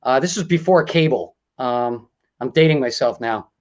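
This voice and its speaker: A man's voice: mid-range voice, lo-fi sound. A man guest on a podcast, chatting casually and joking, fond of playing with voices. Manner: jokey, quick to play with voices and accents. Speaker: comedian guest.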